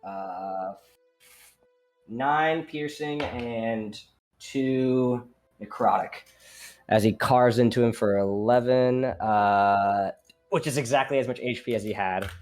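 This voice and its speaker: A man's voice: mid-range voice, slow pace, darkish tone, faint music behind. A young man narrating as dungeon master in a casual, rambling way, full of fillers. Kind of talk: narrating a tabletop game.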